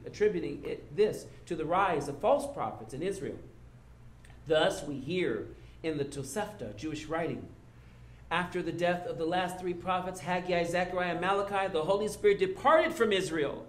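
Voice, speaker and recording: Guy rabbi giving a sermon, kinda high voice, goes loud then quiet. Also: echoey room. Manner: teaching and reading quotations, swinging from loud to soft.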